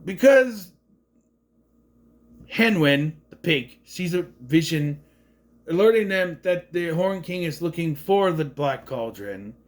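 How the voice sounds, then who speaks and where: A man in his thirties giving a rambling, sarcastic review of an animated film in a casual monologue. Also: a little high, slow. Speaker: movie reviewer.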